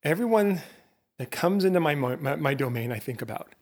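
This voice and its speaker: A middle-aged man hosting his own podcast, giving a lively motivational talk straight to his listeners, full of rhetorical questions and self-interruptions. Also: fairly high pitch, normal speed. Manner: self-interrupting, laughs at himself. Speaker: podcast host.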